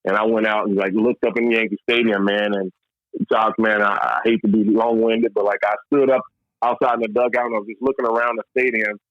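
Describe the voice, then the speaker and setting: In a casual interview, a Louisville, Kentucky man who once played professional baseball tells his story fairly quickly in a fairly low voice. He frequently says "man," restarts often, and sounds animated; the recording is dry, dull, and lo-fi.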